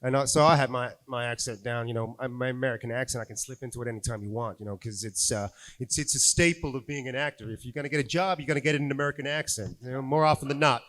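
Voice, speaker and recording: Fast-talking Australian-born man, panel guest, teasing. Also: medium pitch, steady tone, a bit bright. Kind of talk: casual panel chat.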